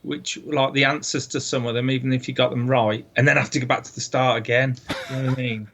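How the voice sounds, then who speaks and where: A man's voice: medium pitch, level tone, fast, fairly bright tone. A man co-hosting a podcast, recounting things in a chatty way, full of asides. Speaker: podcast co-host. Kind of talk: casual chat.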